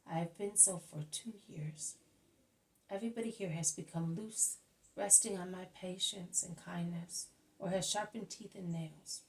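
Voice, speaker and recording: A woman voicing a calm, grave adult male teacher who speaks in a measured, earnest, instructive way, read as part of a storybook. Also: lowish voice. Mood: stern. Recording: voice slightly distant from mic.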